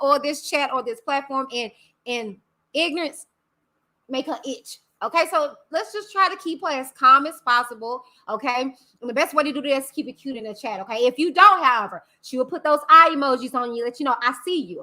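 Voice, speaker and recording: A bright, high-voiced woman hosts a casual livestream, chatting with viewers and greeting them by name with drawn-out, affectionate hellos. She is recorded through a computer mic in livestream software.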